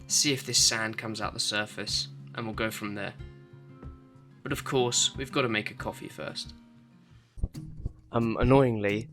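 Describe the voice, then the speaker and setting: A man with a fairly low voice runs his own channel and chats casually as he cuts opals in his home workshop. He walks through every step in a talkative, self-deprecating way.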